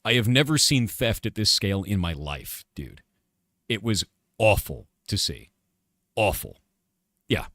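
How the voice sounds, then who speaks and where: A middle-aged man on a live stream, venting in a casual rant full of swearing and hard emphasis. His voice sits fairly low yet swings widely up and down, and the sound is close and dry. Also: sing-song, measured pace, pauses often, pushed and bright, no room sound. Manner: angry, profane, emphatic. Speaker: streamer and game developer.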